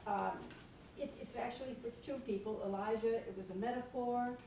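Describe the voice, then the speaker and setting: A woman's voice: fairly high pitch, normal speed, gravelly. A woman author speaking at a historical society meeting, hesitant with many fillers, heard from a distance in a meeting room. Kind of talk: informal public talk. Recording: echoey room, mic far off, room noise.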